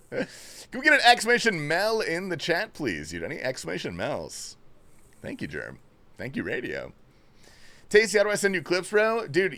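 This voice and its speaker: Man, young adult, livestream host, casual chat, swears, jokey, lively pitch, slightly high voice. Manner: loose, joking, swears a lot; reads and thanks chat messages.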